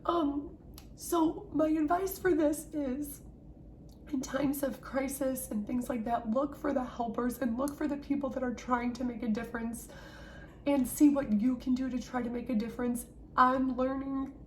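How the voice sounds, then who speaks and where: A woman's voice: high-pitched, fairly even intonation, normal speed, dark tone, slight background noise. A woman teacher recorded at home, talking earnestly and encouragingly straight to her young students in a farewell message. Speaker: third-grade teacher.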